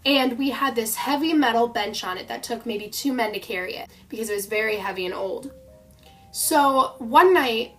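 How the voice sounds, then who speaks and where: Chatty young woman vlogger, slightly high. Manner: chatty, animated storytelling with many "like"s. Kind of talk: casual storytime vlog.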